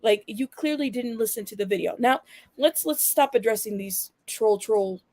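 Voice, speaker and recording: A woman's voice: on the high side, lively intonation, moderate pace, warm tone, no room sound. A woman hosting her own channel, talking bluntly and with sass straight to her viewers in casual commentary. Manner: blunt, sassy, addresses viewers directly. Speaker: channel host.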